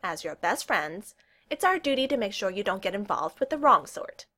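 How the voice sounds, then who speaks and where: A woman's voice: mid-range voice, big pitch swings, normal speed, sharp tone. A woman doing a nosy, dramatic young man. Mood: theatrical. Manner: theatrical, accusing.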